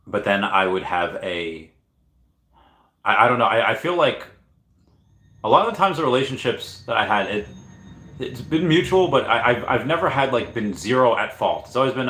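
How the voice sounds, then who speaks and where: Male streamer, 30s, lowish voice, casual and halting, echoey room. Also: fairly bright tone. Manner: hesitant, restarts often, reads chat aloud. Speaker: livestream host. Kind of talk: rambling casual livestream chat.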